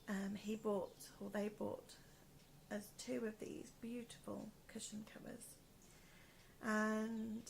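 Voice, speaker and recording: Soft, gravelly woman with a hoarse voice. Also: mid-range voice, slight background noise. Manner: soft-spoken, often trailing into a whisper. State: in pain, hoarse from asthma. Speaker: podcast host. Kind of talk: casual chat to camera. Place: one room at home, indoors.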